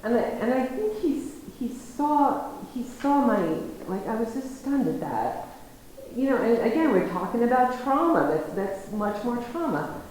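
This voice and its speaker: A woman's voice: a little high, measured pace. Woman lecturing in a very echoey room. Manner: animated, acts out conversations, laughs easily. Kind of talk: storytelling lecture. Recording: very echoey room, faint noise.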